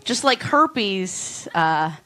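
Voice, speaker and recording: A woman doing a stand-up comedy set on a club stage, with deadpan, drawn-out punchlines. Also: mid-range voice.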